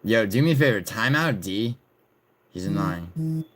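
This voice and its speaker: A male streamer with a very low voice chats loosely with his viewers. He banters and swears freely as he reads their messages aloud. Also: animated, a little slow, fairly bright tone. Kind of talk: casual livestream chat reading viewers' messages.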